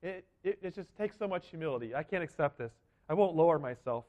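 A man's voice: a little high, animated, fast talker, muffled recording. A man giving an earnest, emphatic sermon as a first-person dramatic monologue. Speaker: preacher.

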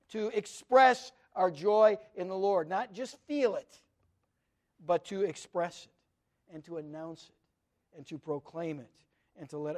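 A middle-aged man with a notably high-pitched voice delivers an earnest, conversational sermon. He speaks as a pastor, weaving personal stories into his teaching.

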